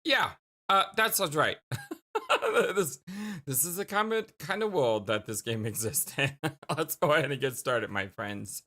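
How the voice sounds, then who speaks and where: Casual, giggly male let's play host, laughs a lot, animated delivery. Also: mid-range voice, measured pace. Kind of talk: game let's play commentary.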